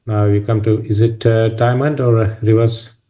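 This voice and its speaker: A man's voice: fairly low pitch, flat delivery, normal speed, mellow. A man, a surgeon on a live panel, asking polite questions with hesitant fillers. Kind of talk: live webcast discussion.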